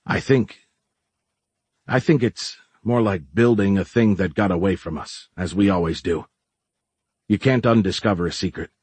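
A weary, resigned man who works with tech, read by a male narrator, musing aloud in a tired way. His voice is low and husky. The recording is close and dry. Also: moderate pace, a little mellow, no echo.

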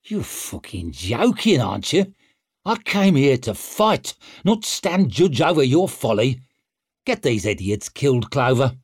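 A man's voice: medium pitch, very animated, measured pace, husky, dry recording, clean studio sound, voice pushed up, full character voice. A man voicing a wild, menacing young barbarian king who talks in a sneering, mocking manner.

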